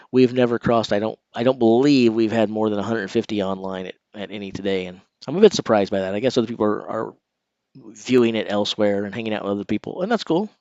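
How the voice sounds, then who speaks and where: A man's voice: fairly low pitch, a little mellow, no room sound, highs cut off. A man hosting a casual live stream, chatting straight to his viewers. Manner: conversational, talks straight to viewers.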